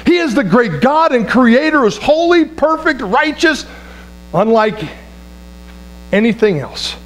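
A man's voice: extremely high pitch, sing-song, a little slow. A man preaching a sermon, emphatic, repeating key words for effect, calling out to the congregation and often restarting his phrases. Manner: restarts and stumbles over words. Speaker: pastor.

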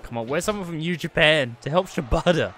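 A man giving live stream commentary on a wrestling video game, excitable, swearing and laughing often, swinging between yelling and muttering. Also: a little high, brisk.

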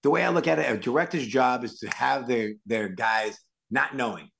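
Gravelly-voiced man telling stories. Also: medium pitch, moderate pace, slight background noise. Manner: animated anecdotes, acts out other people's lines. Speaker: actor and stuntman guest. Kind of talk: casual podcast storytelling.

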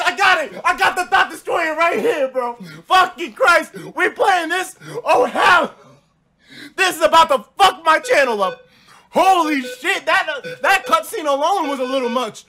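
A young man streaming a video game, excitedly yelling, laughing and talking to his chat over game music. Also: extremely high pitch, measured pace. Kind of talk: excitable let's-play commentary.

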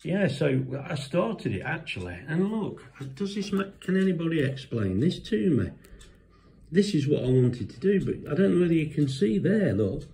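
A man with a dark, mellow voice, chatting away in a casual home cooking vlog. He talks to himself and to his viewers, tasting food between remarks. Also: a little high, very animated, normal speed, creaky, slight background noise. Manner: chatty, self-talking, talks with mouth full.

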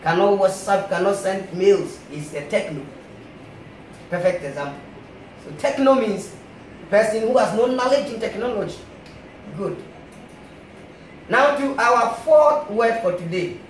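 A man with a Ghanaian accent playing a comic grammar teacher, giving a mock classroom lecture. He explains in a deliberate, drawn-out, teacherly way. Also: high voice, animated. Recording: roomy, distant mic with faint noise.

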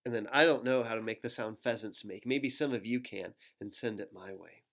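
A man, a pastor, reads a rhyming picture book aloud to children at home, adding gentle, playful asides and making animal sounds. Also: on the low side, brisk, creaky.

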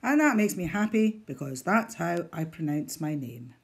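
A woman teacher talks through a tablet demonstration at an unhurried pace. Her voice is slightly low and a touch husky, and its pitch rises and falls freely as she guides each step with patience. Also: big pitch swings. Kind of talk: instructional screen demonstration.

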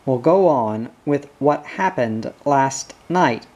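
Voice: mid-range voice, animated, a little mellow. A reader doing a curt police sergeant. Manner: brisk, questioning.

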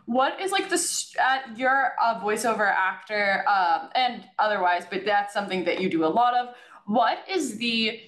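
A woman's voice: medium pitch, expressive, moderate pace, few pauses, a bit bright. A woman hosting a casual interview with bubbly, rambling questions. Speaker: host. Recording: echoey room.

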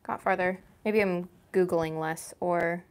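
A woman's voice: on the low side, fairly even intonation, measured pace. A young woman co-hosting a live art stream from a home studio, chatting in an easygoing, rambling way. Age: young adult. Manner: easygoing, rambling, many fillers and restarts. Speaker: co-host and chat moderator. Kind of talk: casual chat.

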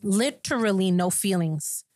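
A woman pastor sharing a personal testimony in a podcast conversation, telling it with animated storytelling. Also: medium pitch, unhurried, no echo, clean studio sound. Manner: animated storytelling, acting out quoted voices.

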